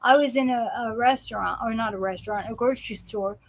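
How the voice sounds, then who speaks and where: A woman from South Jersey hosts a live patient show as a casual live-stream chat, rambling with plenty of fillers and restarts. Her voice is on the high side and brisk, and the audio quality is poor.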